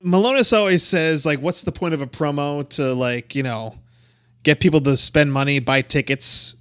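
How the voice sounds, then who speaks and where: A man's voice: fairly high pitch, moderate pace, a bit bright, no echo, studio quality. A man hosting a podcast, introducing a clip and chatting casually with a co-host, often laughing. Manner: laughing, loose and conversational. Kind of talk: casual chat.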